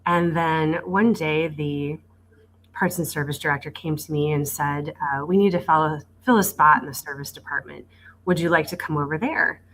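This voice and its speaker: Low-voiced woman in her forties. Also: normal speed, a little hiss or hum, low-quality recording. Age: 40s. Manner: animated retelling with quoted dialogue, frequent stammered restarts. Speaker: guest, dealership executive. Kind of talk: conversational storytelling.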